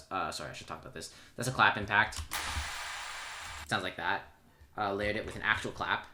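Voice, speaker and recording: A man's voice: fairly low pitch, normal speed, long pauses, background noise. A man explaining how he made his own song in a casual tutorial, offhand and self-deprecating, pointing things out as he goes. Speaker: music producer explaining his track. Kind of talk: casual screen-recorded tutorial. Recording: music playing loudly under the voice. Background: his own track playing, keyboard typing.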